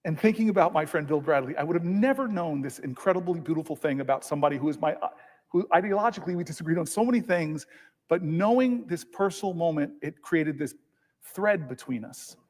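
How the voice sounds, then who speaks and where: A man's voice: a little high, lively intonation, a little fast, darkish tone. A man giving a long protest speech as a senator, telling stories, repeating words and building to emphatic peaks. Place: large legislative chamber. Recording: long reverb of a large chamber.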